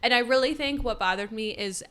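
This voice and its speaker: A chatty, playful woman co-host swapping anecdotes in casual book-review chat. Her voice is bright and forward, with a sharp edge to the tone. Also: a little high, a little fast, clear, resonant tone. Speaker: podcast co-host.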